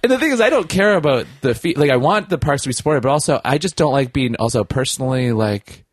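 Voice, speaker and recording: A man's voice: medium pitch, lively intonation, quick pace, breathy edge, dry recording, studio quality. A young man telling a long casual story, rambling with restarts and acting out the people he quotes.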